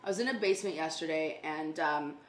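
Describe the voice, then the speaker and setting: A woman who runs a renovation company, telling a story in a casual chat with lively energy and plenty of swearing. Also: low voice, brisk, slight background noise. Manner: animated, swears freely. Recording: echoey room.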